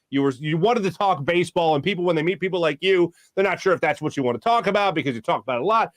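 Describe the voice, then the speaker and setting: A male sports talk host in his thirties, chatty and enthusiastic, firing off questions to his guest. His voice sits a bit higher than most men's, and the sound is close and dry with no room echo. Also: quick pace, fairly bright tone. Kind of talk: casual sports talk interview.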